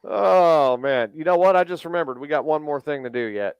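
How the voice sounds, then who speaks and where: A man's voice: a little high, brisk, clean tone, no room sound. A man co-hosting a podcast in loose, profane casual chat, laughing often. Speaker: podcast co-host.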